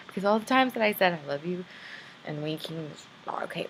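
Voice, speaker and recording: A woman's voice: fairly low pitch, lively intonation, fast, a bit bright, slight background noise. A woman in her twenties talking to a camera in a video letter to a friend, rambling, candid and self-deprecating. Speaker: vlogger.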